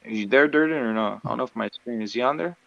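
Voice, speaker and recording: A man's voice: mid-range voice, fast, vocal fry, fairly bright tone, dry recording, lo-fi sound. A man co-hosting a livestream, talking in a rambling, casual way, full of swearing and "bro". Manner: rambling, heavy swearing, lots of 'bro' and 'dude'. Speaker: livestream co-host. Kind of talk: casual profane chat.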